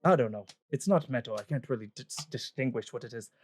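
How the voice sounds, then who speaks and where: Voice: medium pitch, expressive, quick pace, lightly acted. A game master voicing an older, well-built male dwarf who dotes on his wife. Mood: puzzled. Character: older burly male dwarf, doting and puzzled.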